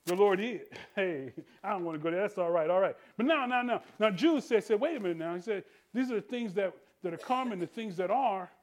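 A male pastor preaching a sermon in church, calling out to the congregation and swinging between hushed tender asides and shouted refrains. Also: high-pitched, a little fast, hardly any pauses. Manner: preaching with call-and-response, rising to shouts; drops to soft tender voice for quoted lines.

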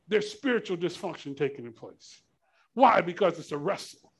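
A man preaching a sermon, climbing into shouts and asking the congregation to finish the verses. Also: a little high, lively intonation, normal speed, breathy edge. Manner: preaching with rising shouts and call-and-response questions. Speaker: pastor.

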